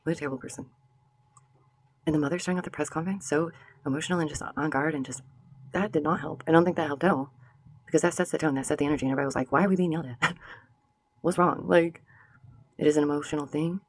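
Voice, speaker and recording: A woman's voice: low-pitched, steady tone, racing, pauses often, a little mellow. A woman vlogger giving sassy casual commentary straight to her viewers, slipping into mocking voices.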